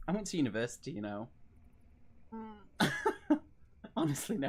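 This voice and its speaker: Stream host for a read-along session, lively pitch, laughs often, rambles and mocks themself, slips into a soft low mutter. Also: slow, long pauses, breathy edge. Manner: giggly, rambling, self-mocking. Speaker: livestream host.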